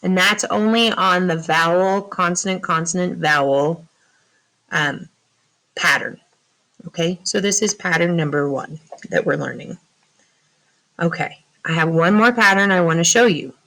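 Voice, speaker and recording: A woman's voice: fairly low pitch, a little slow, a bit bright, poor audio. A woman teaching a phonics lesson to young students, patiently asking questions and answering them herself. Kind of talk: slow classroom phonics lesson.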